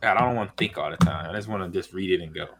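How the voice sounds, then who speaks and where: A man with a very low voice, talking as a guest on a sports radio show. He is laid-back and rambles a bit, with plenty of ums along the way. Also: rapid-fire, a bit bright, slight background noise. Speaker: guest, former football player.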